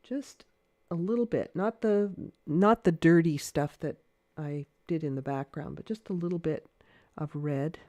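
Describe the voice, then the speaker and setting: A woman giving a casual livestream watercolor lesson, thinking aloud with many fillers in a gentle, encouraging way. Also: sits low, a little slow, no room sound. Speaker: watercolor art teacher. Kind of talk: casual painting demonstration livestream.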